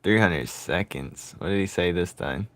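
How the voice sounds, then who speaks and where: A playful man chats while drawing, laughing at his own silly jokes. His voice swoops up and down with lots of life, but he talks at an easy, slow pace. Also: deep voice, expressive, fairly bright tone, dry recording. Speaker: artist drawing on stream. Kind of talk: casual chat while drawing.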